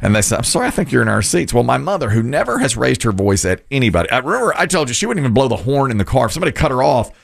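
Man, radio host, gravelly, low voice, very lively pitch, storytelling banter. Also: racing, hardly any pauses. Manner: animated storyteller, squeaky voices for quoted people. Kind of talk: casual morning radio banter.

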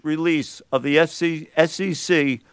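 A man's voice: fairly high pitch, fairly even intonation, unhurried, smooth, dry recording. A man hosting a sports radio show, arguing insistently and talking over his co-hosts. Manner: argumentative, insistent, talks over others. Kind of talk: heated sports radio debate.

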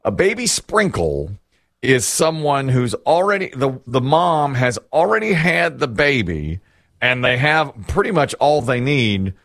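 A man's voice: medium pitch, big pitch swings, measured pace, fairly bright tone, no room sound, studio quality. A middle-aged man hosting a casual chat, telling rambling, self-deprecating stories and laughing often.

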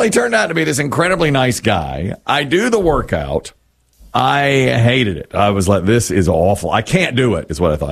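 Lively middle-aged man telling a story. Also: mid-range voice, vocal fry. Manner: animated storyteller, acts out quotes. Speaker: radio show co-host. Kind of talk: casual radio banter.

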